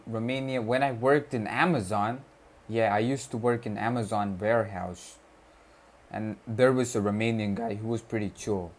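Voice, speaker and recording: A young man from Kerala, India, whose first language is Malayalam, chatting casually on a study livestream and reading chat messages aloud with slang. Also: lowish voice. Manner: slow, laid-back, reads chat aloud with slang.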